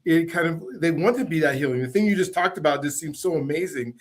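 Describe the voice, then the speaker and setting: A man with a fairly high voice hosts a casual interview. He asks long, winding questions and fills the pauses with warm murmurs of agreement. His tone is supportive and easygoing. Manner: supportive, rambling questions with many listening sounds. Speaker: podcast host.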